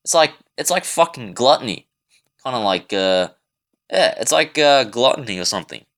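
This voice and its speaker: A man's voice: mid-range voice, animated, normal speed, fairly bright tone. A man in a casual self-recorded monologue, ranting in a rambling, profane way with frequent restarts. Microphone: self-recorded device.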